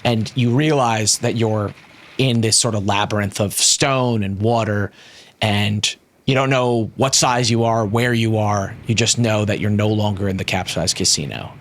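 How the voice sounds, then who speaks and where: A man narrating a tabletop game as game master, in an animated, casual storytelling way with frequent fillers. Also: lowish voice, a little slow.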